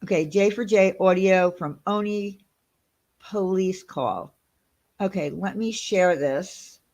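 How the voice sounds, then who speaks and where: A woman hosting a casual livestream, her voice sitting at a mid pitch. She talks in an animated, gossipy way, quick to sound indignant. She often breaks off to sort out her screen share. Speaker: channel host.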